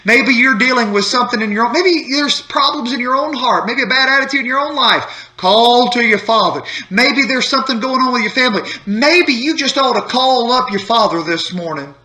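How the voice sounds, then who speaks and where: A man preaching a brief devotional sermon to the camera, phone in hand. His voice sits high and has a sharp, ringing brightness. He tells his story in a folksy, repetitive way that builds as it goes. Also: brisk, hardly any pauses. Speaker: pastor. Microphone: holding a phone while speaking to camera.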